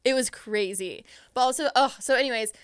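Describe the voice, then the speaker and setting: A young woman hosting a podcast, telling a story in a casual, excitable way and acting out her own reactions. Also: a little high, a little fast, clean tone, no echo, clean studio sound. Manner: excitable, animated quoting of herself. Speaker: podcast host.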